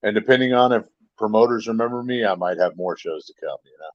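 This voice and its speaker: A man, a wrestler guest in a casual interview, speaking haltingly with many pauses and fillers. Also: fairly low pitch, dry recording, lo-fi sound.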